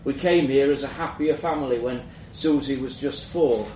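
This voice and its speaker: Male narrator, mid pitch, measured reflective story reading, roomy sound from a distance. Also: darkish tone. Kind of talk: first-person story reading. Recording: roomy echo, mic at a distance, faint background hum.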